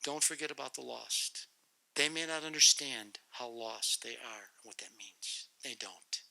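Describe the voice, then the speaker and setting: A middle-aged man telling a testimony to a youth group and praying, in an animated, comic, repetitive storytelling manner. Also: medium pitch, unhurried, gravelly, a little hiss or hum, poor audio. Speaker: guest speaker to youth group.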